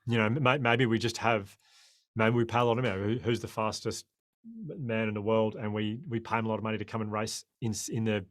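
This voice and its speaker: An Australian man in his forties, a guest on a podcast interview, talking in an impassioned, animated way. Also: fairly low pitch, brisk. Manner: impassioned, animated storyteller who acts out quoted voices.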